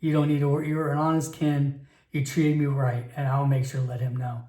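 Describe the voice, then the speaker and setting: A man's voice: medium pitch, flat delivery, brisk, mellow, lightly acted. A man voicing a big, earnest male hobgoblin adventurer who speaks plainly, recorded in an echoey room.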